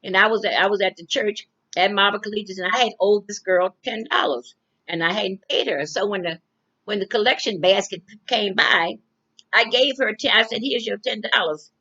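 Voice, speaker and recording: A woman's voice: mid-range voice, normal speed, sharp tone. An older woman casually telling a personal story. She rambles, restarts often and repeats her phrases. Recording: dull lo-fi recording.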